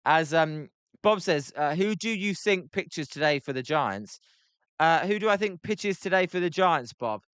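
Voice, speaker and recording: Bright, clear-voiced British man streaming. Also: a little high, lively intonation, unhurried, no room sound. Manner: filler-heavy, reads chat messages aloud between play calls. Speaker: livestream host. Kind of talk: casual live watch-along chat.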